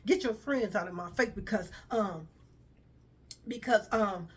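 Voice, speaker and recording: A woman's voice: medium pitch, a little slow, breathy edge. Woman doing an impatient grown woman with a sore mouth. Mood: irritated. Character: grumpy grown woman posing as a mother.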